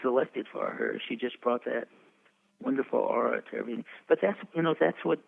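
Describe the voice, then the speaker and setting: A man's voice: medium pitch, brisk, vocal fry. A man in his eighties, a veteran publicist, telling rambling anecdotes with frequent chuckles in an interview. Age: 80s. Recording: tinny phone-like line.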